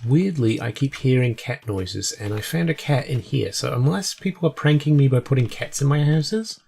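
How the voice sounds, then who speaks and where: Man, cold, raspy voice, middling pitch, casual rambling game commentary. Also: lively intonation, normal speed, mellow. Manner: rambling, chatty, self-deprecating. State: sick with a cold. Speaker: let's play host.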